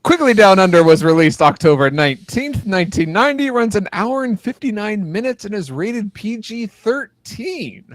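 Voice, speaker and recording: Podcast co-host guy, kinda high voice, teasing and bouncy, dry close mic. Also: animated, moderate pace, few pauses, no room sound. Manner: teasing, playful interrupter. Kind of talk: casual podcast banter.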